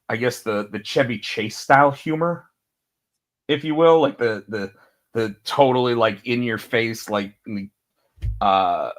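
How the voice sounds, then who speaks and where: A man's voice: medium pitch, a bit bright. Rambling storyteller man, casual podcast talk. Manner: rambling storyteller, acting out quotes. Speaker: podcast co-host. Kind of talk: casual chat.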